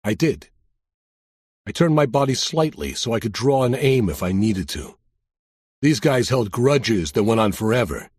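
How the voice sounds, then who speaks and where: Husky-voiced male audiobook narrator. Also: mid-range voice, very animated, unhurried, a little mellow, dry recording. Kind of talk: first-person thriller narration.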